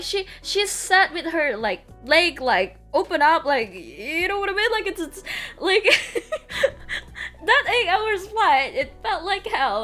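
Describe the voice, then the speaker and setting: High-voiced young woman streamer, animated. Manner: animated storyteller, acts out quotes loudly, laughs often. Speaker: VTuber streamer. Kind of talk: casual chat.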